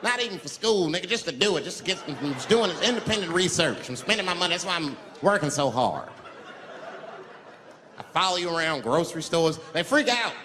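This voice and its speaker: Lively male stand-up comic in big hall. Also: fairly quick. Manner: animated storytelling, jumps into shrill put-on voices. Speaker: stand-up comedian. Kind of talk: stand-up comedy set. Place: large theater stage. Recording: hall reverb, crowd laughter noise.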